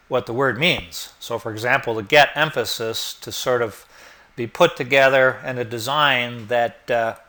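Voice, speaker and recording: Bright-voiced man teaching design software. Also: mid-range voice. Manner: relaxed, explanatory, thinking aloud with fillers. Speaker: instructor. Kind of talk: screen-recorded software tutorial.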